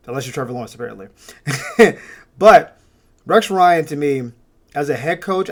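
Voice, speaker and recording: Animated man giving sports opinions. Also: fairly high pitch. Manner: animated, opinionated, frequent laughs and fillers. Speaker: sports fan channel host. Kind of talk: casual sports opinion commentary.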